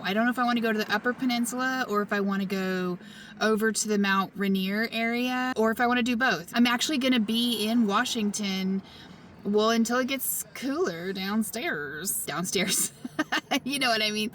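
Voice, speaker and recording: A woman talking casually in a van life vlog, thinking out loud and laughing often as she decides where to go next. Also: medium pitch, a little hiss or hum. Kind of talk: casual solo vlog chat. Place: inside a parked van or car.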